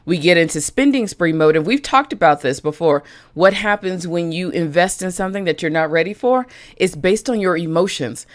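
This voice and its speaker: A woman with a slightly low voice coaches business owners on a live stream. She talks in a frank, chatty way and greets viewers by name as they join. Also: expressive, moderate pace.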